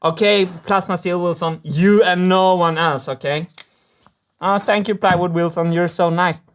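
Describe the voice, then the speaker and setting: A man's voice: sits high, fairly even intonation, normal speed, smooth, pitched above the performer's own voice, natural voice. A man voicing small talking machine parts that play together like children, giggly and bickering. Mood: playful.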